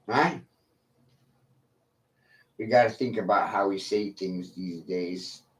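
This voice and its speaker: A man ranting on a livestream, profane, combative and boastful, with long pauses between his lines. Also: fairly low pitch. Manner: slow, drawn-out delivery with long pauses. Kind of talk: livestream rant.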